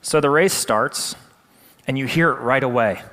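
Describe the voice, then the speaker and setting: A male presenter telling a story with animated, dramatic delivery. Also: medium pitch, normal speed, long reverb tail.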